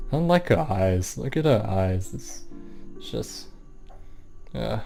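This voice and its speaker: A man's voice: fairly low pitch, animated, measured pace, creaky, long pauses, warm tone, soft background music. A man giving casual, uneasy reactive asides as a gaming YouTuber. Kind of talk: casual gameplay commentary.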